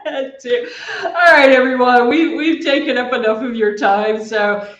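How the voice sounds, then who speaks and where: A woman's voice: a little high, steady tone, normal speed, a bit bright, dull audio. A woman hosting an online interview, speaking upbeat and addressing viewers directly as she wraps up the show. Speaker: host. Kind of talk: live online interview wrap-up. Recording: roomy echo.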